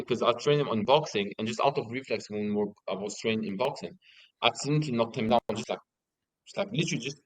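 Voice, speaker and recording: Young guy swearing his way thru a story, animated, dry mic, mid pitch. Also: no room sound, poor audio. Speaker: guest. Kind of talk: casual interview.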